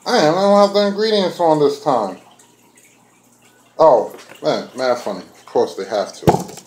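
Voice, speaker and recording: A man's voice: on the high side, unhurried, darkish tone, reverberant, rough recording. A man chatting casually to his viewers while he makes food in his kitchen, talking to them directly. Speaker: vlogger. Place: home kitchen.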